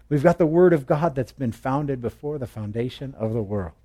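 A man's voice: mid-range voice, expressive, normal speed, warm tone. A man teaching through a Bible passage in a conversational way, asking his listeners questions and telling jokes along the way. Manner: chatty, asks the listeners questions, tells jokes.

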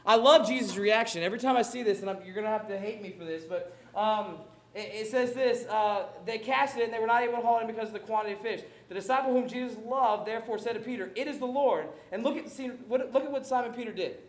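A pastor preaches in a very high, light voice, animated and jokey, acting out Bible scenes as he goes. His voice carries an echo from the room around him. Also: fast talker, hardly any pauses. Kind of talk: sermon.

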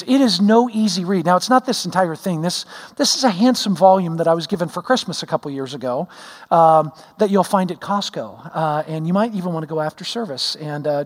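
A man's voice: high voice, in a large hall. A middle-aged man, a pastor, preaching a sermon in a folksy, self-deprecating storytelling way, with many fillers. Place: church sanctuary.

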